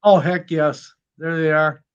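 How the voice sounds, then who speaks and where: A man from Wyoming with a high voice for a man, chatting on a live stream. He drawls through his stories in a relaxed, unhurried way. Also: clean tone, lo-fi sound. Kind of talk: casual chat.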